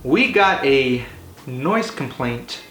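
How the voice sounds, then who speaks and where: A man telling a comedy story in an animated, rambling way, swearing often and filling his talk with "like" and "you know". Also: mid-range voice, slow. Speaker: comedy vlogger. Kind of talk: casual profane storytelling. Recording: echoey room with faint hiss.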